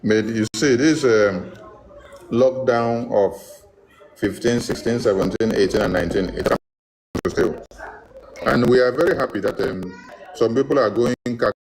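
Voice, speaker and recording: A man's voice: mid-range voice, normal speed, long pauses, a little mellow, rough recording. A man with a Nigerian accent giving mocking political commentary and slipping into Pidgin. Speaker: online commentator.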